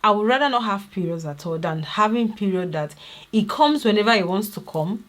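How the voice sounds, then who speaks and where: A woman's voice: medium pitch, expressive, a little fast. A young adult woman sharing a personal story to camera in a vlog, earnest and confiding, often turning to ask her viewers directly. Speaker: vlogger.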